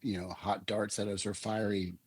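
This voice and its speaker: A man's voice: fairly low pitch, little pitch movement, normal speed, a little mellow, breathy edge. An older man talking earnestly as a guest coach in an interview, explaining ideas through analogies. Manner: earnest, uses images and analogies. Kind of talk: reflective interview talk.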